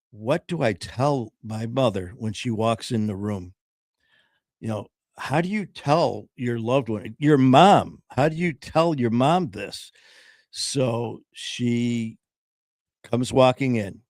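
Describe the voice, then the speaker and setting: A man's voice: mid-range voice, a little mellow, no echo. Earnest man telling his story, dry sound. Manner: earnest, halting, often pausing with "um"; quotes others in his own voice. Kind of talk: casual conversational storytelling.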